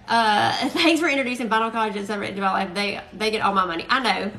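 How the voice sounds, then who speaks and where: A woman's voice: a little high, fast talker, pushed and bright, echoey room. A woman with a Southern US accent hosting a casual craft live stream, chatty and greeting viewers, saying y'all often.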